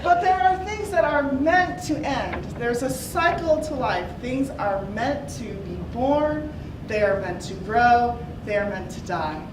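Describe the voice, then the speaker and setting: A heartfelt middle-aged woman, high voice, echoey room. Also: lively intonation, a little slow. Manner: heartfelt, choked up at times, with small laughs. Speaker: speech contestant. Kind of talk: impromptu contest speech. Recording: echoey room, mic from far off, noise.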